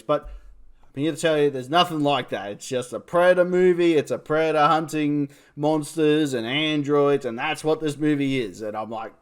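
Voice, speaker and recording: A man's voice: on the high side, moderate pace, clear, resonant tone. Rambling New Zealand man reviewing a film. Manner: rambling, swears, laughs at himself. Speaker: movie reviewer. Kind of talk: casual video review.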